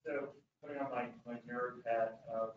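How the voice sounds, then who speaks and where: A man's voice: medium pitch, fairly even intonation, normal speed. A man at a board meeting asking a hesitant, wordy question. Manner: hesitant, searching for words. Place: meeting room. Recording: distant, very echoey, muffled room audio.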